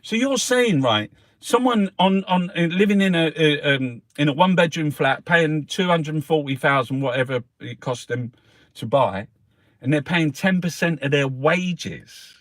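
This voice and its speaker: A man's voice: a little high, lively intonation, a little slow, a bit bright, no echo. A middle-aged man, ranting in angry, heavily sworn commentary as he reviews the newspapers. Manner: angry, sweary, heated rant.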